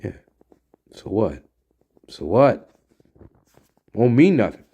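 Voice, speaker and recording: A male host in a sarcastic, rambling solo commentary, full of swearing. He talks at an unhurried pace, and his pitch swings widely from phrase to phrase. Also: sing-song, warm tone, slightly rough. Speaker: podcast host.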